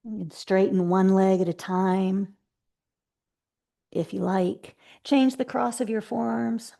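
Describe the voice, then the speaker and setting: A woman teaching a live yoga class over a video call, giving slow, gentle cues with soft asides. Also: mid-range voice, fairly even intonation, vocal fry.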